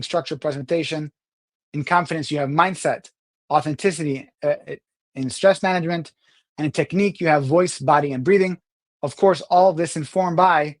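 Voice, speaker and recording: A man gives an unscripted online lesson on public speaking. He explains earnestly in a slightly high voice and slows right down on the words he stresses. He restarts and corrects himself as he goes, recorded close up with a dry sound. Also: dry recording.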